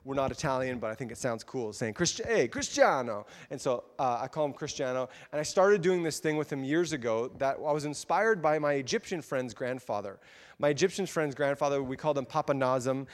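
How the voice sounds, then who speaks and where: A man preaching a sermon, earnest and halting, often breaking off and restarting his sentences. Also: medium pitch, big-room sound. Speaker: pastor.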